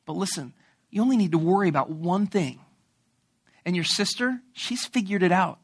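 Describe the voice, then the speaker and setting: A man preaching a sermon as an animated, joking storyteller. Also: sits high, normal speed, slightly rough.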